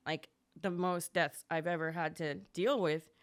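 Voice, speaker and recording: A young woman appearing as a podcast guest shares her story in casual, quick, chatty conversation, her voice jumping higher whenever she acts out what other people said. Her intonation stays fairly even, and her tone is clear and resonant.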